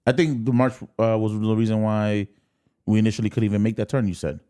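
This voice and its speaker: A man's voice: lowish voice, steady tone, quick pace, warm tone. A young man, co-hosting a podcast in easygoing casual chat, laughing often. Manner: laid-back, laughs often, says "word" and "nah". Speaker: podcast co-host.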